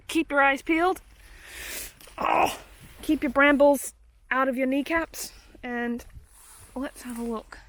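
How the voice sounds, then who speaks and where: A woman's voice: high voice, fairly bright tone, rough recording. A woman vlogging as she explores an overgrown cemetery outdoors in the rain, chatty and exclamatory, talking straight to her viewers. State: out of breath while walking. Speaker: cryptid-hunting vlogger. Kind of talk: casual vlog commentary while exploring.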